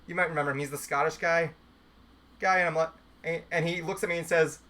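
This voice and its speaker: A man's voice: fairly high pitch, fairly even intonation, quick pace, sharp tone. A man co-hosting a casual group podcast, telling a rambling anecdote with many restarts. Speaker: podcast co-host. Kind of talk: casual group chat, storytelling.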